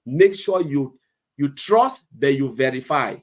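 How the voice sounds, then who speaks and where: A man's voice: mid-range voice, animated, slow pace. A man co-hosting an online talk, giving earnest advice and retelling conversations as he goes. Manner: earnest, storytelling with quoted exchanges. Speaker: co-host.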